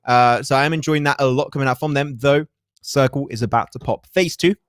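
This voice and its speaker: A man from France casting a live mobile esports match, with animated play-by-play and joking banter. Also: medium pitch, a little fast, clean tone, no room sound, clean studio sound. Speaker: esports caster.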